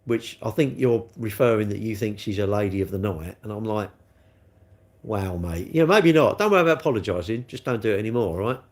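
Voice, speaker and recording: A man's voice: on the low side, animated, fast talker, few pauses. A middle-aged man rambling cheekily on a live stream, answering chat comments as he goes. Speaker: livestream host.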